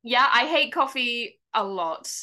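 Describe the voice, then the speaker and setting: A woman's voice: fairly high pitch, expressive, unhurried, bright, forceful tone. A woman with an English accent hosting a podcast, gushing and enthusiastic in casual chat. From England. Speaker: podcast host.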